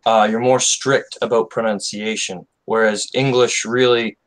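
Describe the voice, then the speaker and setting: A man speaking as a native English co-host in a casual chat, relaxed and joking at times. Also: fairly low pitch, a little slow, poor audio.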